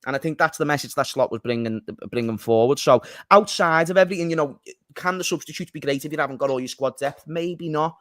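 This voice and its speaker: A man hosting a casual football talk show, chatty and quick to tease his co-hosts. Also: on the high side, a bit bright, no room sound, clean studio sound. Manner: chatty, teasing banter. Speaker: podcast host.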